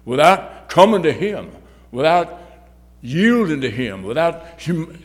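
Male lay preacher, mid pitch, halting and repetitive delivery, long hall reverb. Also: big pitch swings. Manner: halting, repeats words, swings loud and soft. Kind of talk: sermon.

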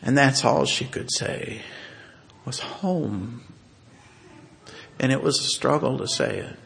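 A man telling a personal family story in a halting way, with many fillers and restarts. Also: medium pitch, flat delivery, gravelly, a bit bright, a little hiss or hum.

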